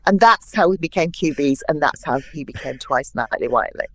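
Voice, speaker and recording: Lively older woman telling anecdotes. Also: deep voice, a little fast. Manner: lively anecdotal storyteller, acts out quotes. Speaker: guest. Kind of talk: interview storytelling.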